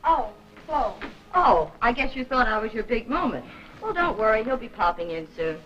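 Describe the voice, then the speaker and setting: A woman's voice: on the high side, sing-song, normal speed, a bit bright, slight background noise. An actress playing a chatty, wisecracking young woman neighbor in a 1940s film, full of slang. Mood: breezy. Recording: dull old film soundtrack.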